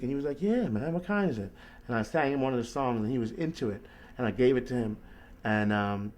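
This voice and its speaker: A man hosting an informal call launches into a lively, wandering account of life as a street musician. He has a mid-range voice and often throws in "you know what I mean."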